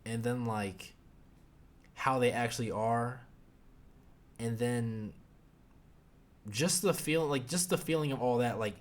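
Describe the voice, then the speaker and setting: With a mid-range voice, slow pace, and long pauses, a young man hosts a podcast reviewing a show. His casual talk rambles, turns profane, and is packed with fillers.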